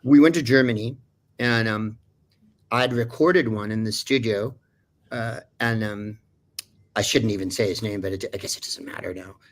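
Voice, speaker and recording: A man's voice: lowish voice, normal speed. A man who is a voice actor telling a story in a casual way, rambling and digressing with many fillers. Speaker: voice actor guest.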